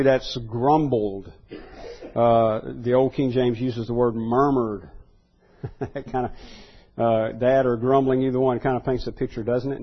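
A man preaching a sermon verse by verse in a plain, conversational way. His voice is a little husky, and he often stumbles over repeated words and fillers. The recording sounds dull and lo-fi. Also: mid-range voice.

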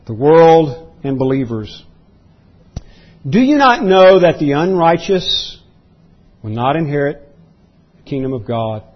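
A man preaching an expository sermon as pastor, emphatic, often clearing his throat and repeating words. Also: a little high, dull audio. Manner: emphatic preaching that rises into voiced outbursts.

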